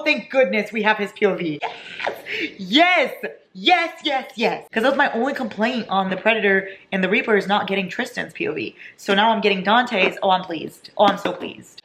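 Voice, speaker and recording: A young woman in her twenties, gushing and excitable as she chats casually about books in a reading vlog. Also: mid-range voice. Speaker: book vlogger. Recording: echoey room with faint noise.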